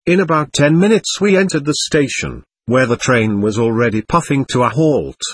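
Man, audiobook narration, measured, formal, husky tone, dry close recording. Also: medium pitch, expressive, no room sound. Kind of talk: scripted first-person narration.

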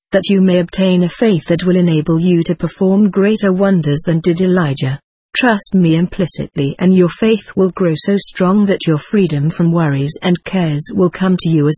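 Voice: mid-range voice, darkish tone, slightly rough, dry recording, lightly acted. A reader as Jesus, solemn and commanding. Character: Jesus, solemn male spirit speaking with authority. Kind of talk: reading channeled spirit letters aloud.

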